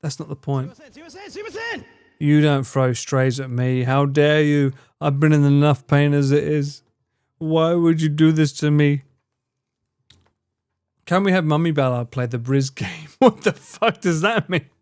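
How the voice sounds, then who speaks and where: A man's voice: a little high, steady tone, measured pace, pauses often, darkish tone, clear, resonant tone, no echo, clean studio sound. Mock-outraged young male streamer. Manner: mock-outraged, teasing, swears freely. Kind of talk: casual live-stream chat.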